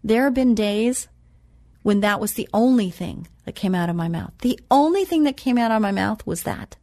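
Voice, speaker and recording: A woman's voice: mid-range voice, expressive, moderate pace, mellow, no room sound, clean studio sound. A woman hosting an inspirational Christian talk show, speaking earnestly with emphatic repetition and chatty asides.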